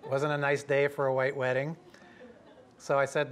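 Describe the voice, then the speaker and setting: A middle-aged man from Canada telling a lively story to an audience, acting out the voices of the people in it. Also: mid-range voice, normal speed, long pauses, slight background noise. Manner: lively, acts out quoted voices. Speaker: professor telling a story at a talk.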